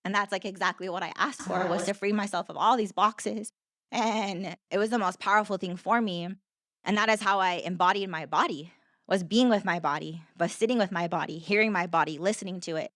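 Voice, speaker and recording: A woman's voice: mid-range voice, fairly quick, a bit bright, dry recording, studio quality. A young woman, a podcast guest, telling her story in an earnest, conversational way, repeating herself and filling with "like".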